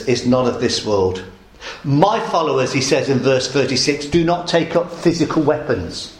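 A man preaching with a lively, swooping delivery, dramatizing each quotation. His voice sits a little high for a man, and the room around him rings with echo. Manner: dramatic, acts out quoted lines. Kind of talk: sermon. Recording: echoey room.

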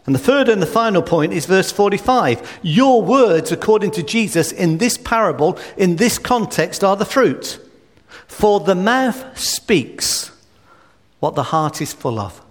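A man's voice: high-pitched, lively intonation, moderate pace, hardly any pauses. A man preaching a sermon, emphatic and full of rhetorical questions. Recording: reverberant hall.

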